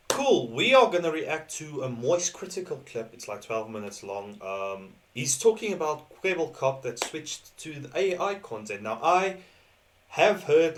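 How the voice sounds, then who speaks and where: A man's voice: mid-range voice, a little hiss or hum. A man from South Africa with a South African accent, hosting a reaction video in rambling casual commentary and laughing often between thoughts.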